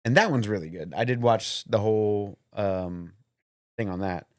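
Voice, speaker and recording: A man's voice: lowish voice, moderate pace, no echo, clean studio sound. A man co-hosting a podcast in casual chat, rambling and swearing while he hunts for names. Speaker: podcast co-host.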